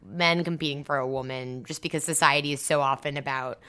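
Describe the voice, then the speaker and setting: A woman's voice: sits low, steady tone, brisk, sharp tone, clear, resonant tone. A woman co-hosting a podcast in casual chat, musing aloud and hedging with "I think" and "I don't know". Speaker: podcast co-host.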